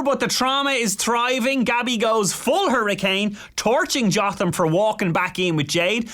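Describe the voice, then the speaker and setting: A man hosting a reality-show recap, quick, jokey and teasing with his guests. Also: sits high, sharp tone. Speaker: host.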